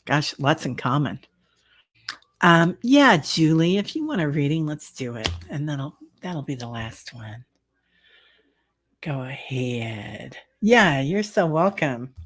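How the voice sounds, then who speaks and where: Slow, rambling woman tarot reader. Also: a bass voice, slightly rough. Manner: slow, chatty, rambling with many fillers. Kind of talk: casual livestream chat with viewers.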